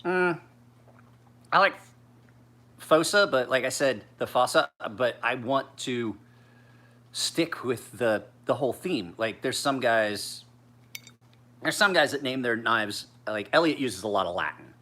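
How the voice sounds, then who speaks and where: A man's voice: medium pitch, expressive, a little slow, long pauses, bright, forceful tone. A man in his forties, tired, chatting casually as a knife sharpener in a rambling, profane, laid-back way. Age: 40s.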